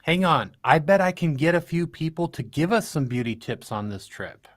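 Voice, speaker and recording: A man's voice: fairly high pitch, lively intonation, moderate pace. Playful man co-hosting a chat. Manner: playful, laughs a lot, self-deprecating. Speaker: co-host of a live stream chat show. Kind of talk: casual live-stream banter.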